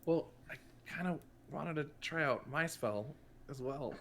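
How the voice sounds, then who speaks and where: A player at a tabletop game, chiming in with playful, quick interjections. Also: medium pitch, fairly bright tone, a little hiss or hum. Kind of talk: tabletop game play, casual chat.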